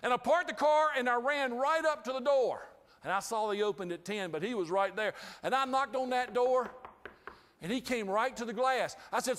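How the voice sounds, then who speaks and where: Animated high-voiced male keynote storyteller. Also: moderate pace. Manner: animated, humorous storytelling with acted-out dialogue. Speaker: inspirational speaker. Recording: hall reverb.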